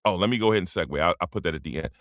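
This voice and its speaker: A man's voice: deep voice, rapid-fire, dry recording, studio quality. A man around fifty, talking bluntly and profanely in a rambling casual monologue as a streamer, full of slang. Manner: drops into dialect slang.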